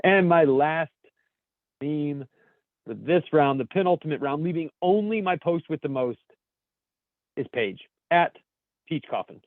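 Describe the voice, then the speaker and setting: Podcast guy reading memes w dry jokes, kinda high voice, sounds like a phone line. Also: expressive, unhurried, pauses often, no room sound. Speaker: podcast co-host. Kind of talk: casual chat, reading memes aloud. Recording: thin phone-like podcast audio.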